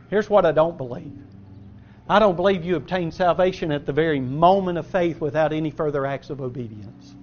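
A man preaching a sermon, firing rhetorical questions at the congregation and answering them himself, swinging between loud emphasis and quiet asides. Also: fairly high pitch. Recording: dull lo-fi sermon recording.

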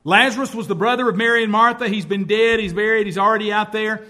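A man's voice: high-pitched, fairly even intonation, fast, bright, forceful tone. A man preaching as pastor, telling stories and acting out the voices of people he quotes. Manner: storytelling preacher who acts out quoted speech. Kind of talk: sermon.

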